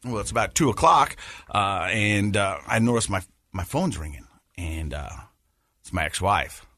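A man's voice: fairly low pitch, moderate pace, no room sound, studio quality. A man in his forties co-hosting a podcast, telling a family story in casual chat and laughing as he goes. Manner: animated, laughs while telling stories. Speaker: podcast co-host.

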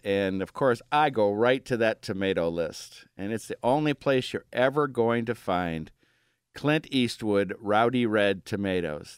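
A man's voice: fairly low pitch, clear, resonant tone, no echo. A man hosting a radio gardening show in a studio, chatty and upbeat, laughing easily between thoughts. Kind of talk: casual radio talk. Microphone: studio microphone.

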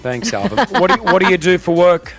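A man hosting a live morning radio show, teasing his co-host and running a quiz at a brisk pace. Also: high voice, expressive, over music. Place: hotel venue for a live broadcast.

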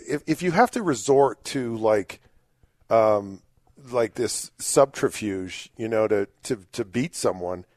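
A man's voice: medium pitch, no echo, studio quality. A man co-hosting a sports talk show, giving firm opinions and often repeating words as he starts. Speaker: sports radio co-host.

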